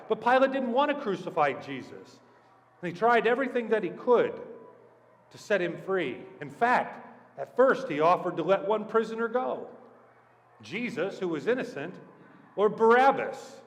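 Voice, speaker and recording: A male pastor preaching an animated storytelling sermon, asking the congregation questions. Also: high-pitched, moderate pace. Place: church sanctuary. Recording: echoey church hall.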